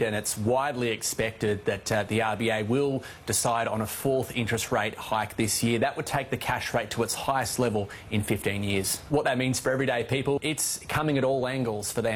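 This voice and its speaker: A man, a news reporter explaining in a conversational way. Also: mid-range voice. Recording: faint background noise.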